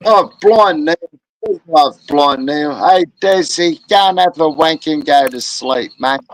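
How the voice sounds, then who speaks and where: A man's voice: fairly high pitch, measured pace, no echo, low-quality recording. A man with an Australian accent, co-hosting a livestream, reading the chat and greeting viewers with crude slang. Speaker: livestream co-host. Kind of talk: casual chat.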